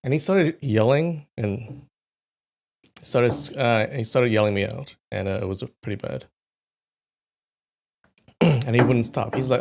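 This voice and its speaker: A young man hosting a live stream, casually chatting with viewers in a rambling storytelling way and often clearing his throat, at a desk mic at home. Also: medium pitch, a little slow, long pauses. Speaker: livestream host.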